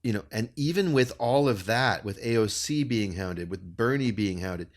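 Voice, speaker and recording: A man co-hosting a political podcast in a fairly low voice. He speaks passionately and articulately, repeating words as he builds momentum. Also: lively intonation, moderate pace. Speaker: podcast co-host. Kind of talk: casual political podcast chat.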